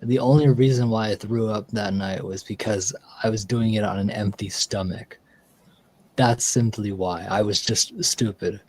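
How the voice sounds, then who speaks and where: A man's voice: fairly low pitch, fairly even intonation, moderate pace, darkish tone, slight background noise, poor audio. A man streaming casually, telling a long story with lots of fillers and restarts. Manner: rambling storyteller with many fillers. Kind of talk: casual live-stream chat.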